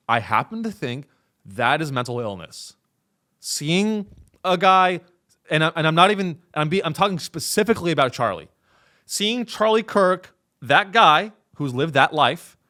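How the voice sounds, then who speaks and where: A young male comedian holds forth in a sarcastic podcast monologue, mocking and exasperated by turns. His voice sits a little high and rings bright and forceful. The pitch leaps around with lively, animated swings.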